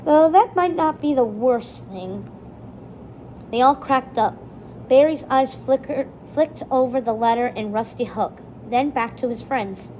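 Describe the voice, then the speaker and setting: A woman narrating a children's chapter book aloud in a steady, expressive storytelling manner. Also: high-pitched, unhurried, slight background noise, low-quality recording. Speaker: storybook reader.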